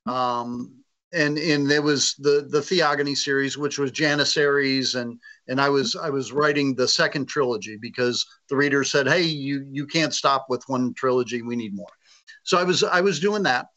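A man being interviewed, telling a story casually and acting out the quoted dialogue with animated voices. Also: mid-range voice, normal speed. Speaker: author guest. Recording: lo-fi muffled audio.

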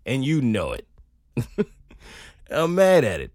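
A man hosting a podcast, telling funny stories in an animated, laughing, profane comic monologue, close on a studio mic. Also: medium pitch, slow pace, no room sound. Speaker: podcast host. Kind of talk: comedic solo monologue.

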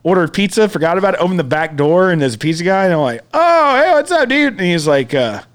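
A man's voice: fairly high pitch, fast talker. A man, co-hosting a casual chat and telling a long story, acting out every quote and swearing freely. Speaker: podcast co-host.

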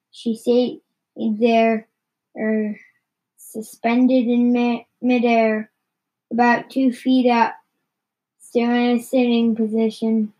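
A woman reading a children's story aloud in a halting way, often stumbling and repeating words. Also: a little high, a little mellow, low-quality recording. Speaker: reader.

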